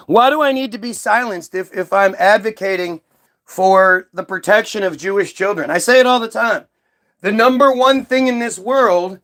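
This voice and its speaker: A man with a high, slightly bright voice hosts his own channel, delivering a heated, profane rant. He fires off one rhetorical question after another in this commentary.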